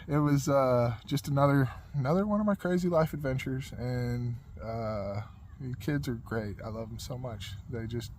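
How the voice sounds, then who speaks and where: A man in his forties with a fairly high voice tells a personal story in a loose, rambling way, full of fillers and restarts. He laughs often as he talks, and a faint hum of ambience sits behind him. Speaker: podcast host.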